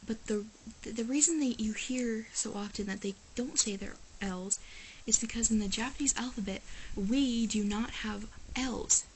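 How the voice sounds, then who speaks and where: A woman's voice: medium pitch, slight background noise, rough recording. A woman vlogging to camera, talking casually in an emphatic, exasperated way with lots of "like"s. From United States. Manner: exasperated, emphatic, chatty with many "like"s. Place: living in Japan.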